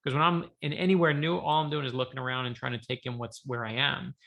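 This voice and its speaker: A man, an author, telling a lively story on a video call from his home office, acting out the dialogue. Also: mid-range voice, fast talker, creaky. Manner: lively anecdotal, acts out dialogue. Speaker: author guest. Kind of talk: animated storytelling.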